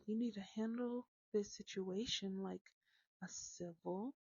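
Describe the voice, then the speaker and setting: A woman telling a casual story about her kids, animated, dropping into hushed whispers now and then. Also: medium pitch, a little slow, gravelly, husky, dry recording. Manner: animated, drops to hushed whispers when acting out shushing. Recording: slightly dull lo-fi sound.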